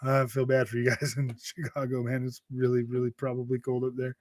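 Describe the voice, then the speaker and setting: A man's voice: mid-range voice, monotone, fairly quick, a little mellow, no echo. Chatty young man, dry close mic. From Utah. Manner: rambling, laughs often, says dude and bro a lot. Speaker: gaming channel host reading live chat. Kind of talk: casual livestream chat.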